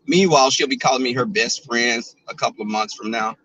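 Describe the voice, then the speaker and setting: A man's voice: medium pitch, fairly quick, sharp tone, slight background noise, poor audio. A man in his twenties with a Southern US accent, chatting sassily and joking with his live viewers while he drives. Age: 20s. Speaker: vlogger streaming live. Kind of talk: casual chat. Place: car, driving.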